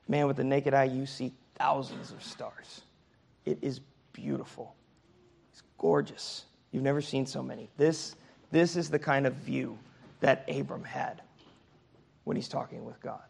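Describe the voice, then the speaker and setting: A man's voice: mid-range voice, creaky, darkish tone. A man teaching a Sunday school Bible class in a conversational way, often checking in with his listeners.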